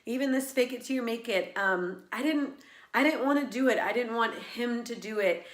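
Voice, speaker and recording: A woman's voice: on the high side, moderate pace, echoey room. A woman who teaches laughter yoga, talking earnestly and reflectively in a personal vlog, with many fillers and restarts.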